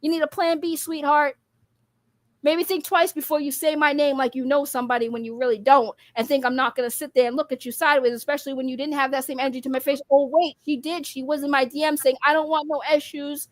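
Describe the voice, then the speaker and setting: A woman's voice: sits high, fairly even intonation, fast talker, dry recording. A woman streamer calling out her critics in a blunt, profane, mocking rant, laughing between jabs. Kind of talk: casual rant.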